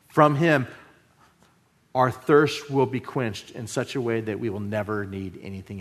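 A man preaching a sermon, moving between loud emphasis and hushed, drawn-out phrases. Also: mid-range voice. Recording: long hall reverb.

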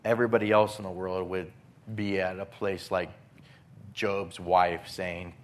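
A man preaching a sermon, earnest, swinging between forceful emphasis and hushed softness, often repeating words as he restarts phrases. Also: low-pitched, level tone, unhurried. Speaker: pastor.

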